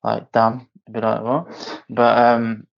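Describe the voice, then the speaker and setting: A man's voice: mid-range voice, steady tone, fairly quick, creaky. A man hosting a podcast in casual chat, rambling and restarting his sentences. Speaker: podcast host. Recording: dull lo-fi podcast audio.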